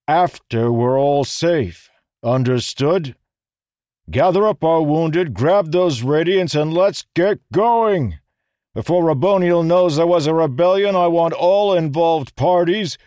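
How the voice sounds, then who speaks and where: A man reading an audiobook, voicing a male soldier who barks forceful commands. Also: mid-range voice, no echo, pitched above the performer's own voice, natural voice.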